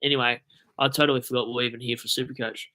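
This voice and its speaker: Racing along in a mid-range voice, a young Australian livestream host with a stuffed-up nose chats and rambles. He swears freely and breaks into animated outbursts.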